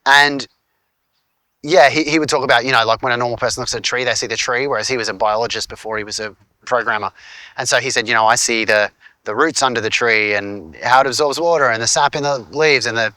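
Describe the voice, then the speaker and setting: A man's voice: mid-range voice, fast talker, pushed and bright, dry recording. A man in his forties with an Australian accent, a filmmaker and teacher chatting in a casual vlog, rambling with lots of fillers and restarts. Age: 40s.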